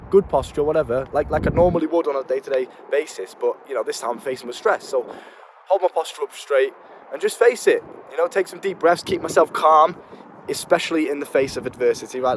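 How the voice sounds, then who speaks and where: A young man talking casually to camera as a self-improvement coach, blunt and slangy, swearing and repeating words, with faint street noise behind him. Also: mid-range voice. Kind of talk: casual motivational talk to camera. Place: outdoors in town.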